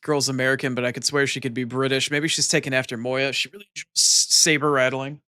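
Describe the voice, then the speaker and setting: A man's voice: medium pitch, level tone, fast, pushed and bright, dry recording, clean studio sound. A man streaming live, bantering with his chat casually, teasing and swearing freely.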